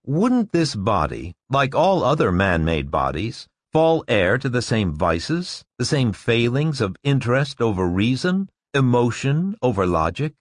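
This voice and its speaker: A man's voice: mid-range voice, sing-song, measured pace, hardly any pauses, dry recording, clean studio sound. A man reading a story, voicing a confident male school director who lectures a class in a declamatory way. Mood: lecturing.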